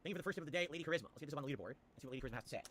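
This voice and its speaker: Brief: male streamer host, rapid-fire delivery, bright forceful tone, rambling and profane. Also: on the high side, animated. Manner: rambling, reads chat and shout-outs, swears. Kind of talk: casual livestream chat.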